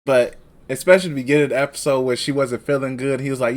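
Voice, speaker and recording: A man co-hosting a casual podcast, chatting and joking in a relaxed way. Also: mid-range voice, fast talker. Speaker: podcast co-host. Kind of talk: casual anime recap chat.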